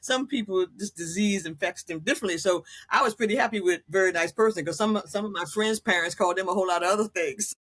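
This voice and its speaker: A woman in her sixties, a guest on an interview show, telling caregiving stories in a lively way, acting out other people's voices and laughing often. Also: medium pitch, fast, hardly any pauses, breathy edge. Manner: animated storyteller who acts out quoted voices and laughs often. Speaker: guest, author and former caregiver. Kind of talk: storytelling interview.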